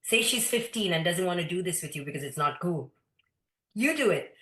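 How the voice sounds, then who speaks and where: A woman's voice: on the low side, expressive, a little fast, fairly bright tone. A woman leading a live parenting workshop, speaking directly and instructively, sometimes reading audience comments aloud. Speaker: parenting teacher. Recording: roomy echo.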